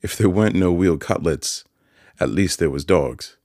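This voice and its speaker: A man voicing a kindly, simple-spoken village blacksmith in an audiobook, with earnest, gentle country speech. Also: extremely low pitch, moderate pace, no echo, studio quality. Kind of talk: audiobook character voice.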